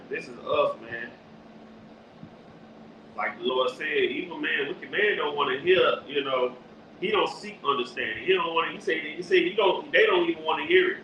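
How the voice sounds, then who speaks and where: A man preaching forcefully on the street, teaching from scripture and directing a reader. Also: a little high, moderate pace. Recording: echoey, distant, dull lo-fi with faint noise.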